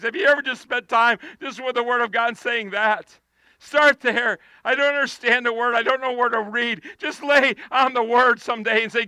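A male preacher delivers an impassioned outdoor sermon in a very high, piercingly bright voice that stays smooth, clear, and steady at a moderate pace. The sound is close and dry, and he swells into pleading shouts.

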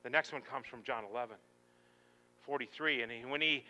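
A man preaching a sermon, swinging dramatically between loud shouting and near-whispers. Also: medium pitch, fairly quick, pauses often.

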